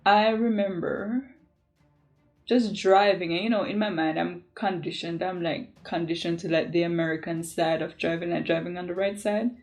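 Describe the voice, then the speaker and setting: A woman from Jamaica, a beauty vlogger, chats casually with her viewers, telling stories animatedly and emphatically and saying "like" often. Her voice is on the low side.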